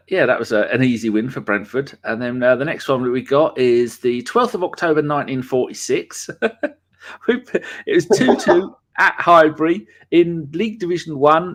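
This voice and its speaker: A chatty man hosts a live fan podcast with a loose, rambling delivery. He jokes with his co-host and fills gaps with ums and uhs. His voice sits at an ordinary middle pitch. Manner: chatty, rambling, jokey, with many fillers. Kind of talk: casual live podcast chat.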